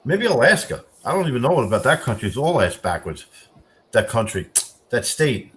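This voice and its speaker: Loud mocking man ranting. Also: mid-range voice, sing-song, moderate pace, slight background noise. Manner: loud, mocking, swears often, voice jumps up when ranting. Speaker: streamer reacting to chat. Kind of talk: casual profane banter.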